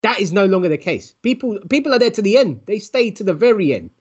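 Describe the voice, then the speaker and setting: A man's voice: high voice, big pitch swings, fast talker, slightly rough. A man co-hosting a podcast, chatty and teasing, recorded with dull lo-fi sound. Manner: chatty, teasing, says "bruv". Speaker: podcast co-host. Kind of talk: casual podcast chat.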